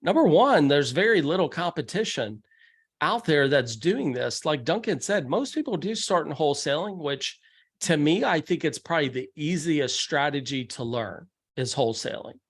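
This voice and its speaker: A man's voice: a little high, animated, moderate pace. A man giving a real estate investing seminar talk, speaking conversationally and acting out the people he quotes. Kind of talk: seminar presentation. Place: meeting room.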